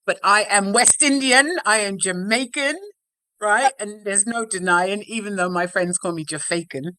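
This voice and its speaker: Chatty woman with a bright voice. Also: medium pitch, normal speed, no echo. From London, England. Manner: chatty, frequent "right?" and "you know" tags. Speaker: life coach guest. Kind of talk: casual interview chat. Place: home office.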